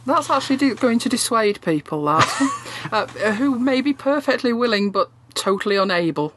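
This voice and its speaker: A woman's voice: on the high side, lively intonation, noisy background. Woman co-host with wry quips. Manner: quick wry quips, laughs easily. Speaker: podcast co-host. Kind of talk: casual tech podcast chat.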